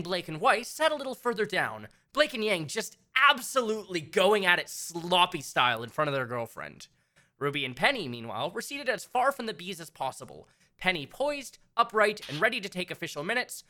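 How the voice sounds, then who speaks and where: A woman's voice: lowish voice, sharp tone. A woman narrating a fan fiction story aloud in a wry, playful way.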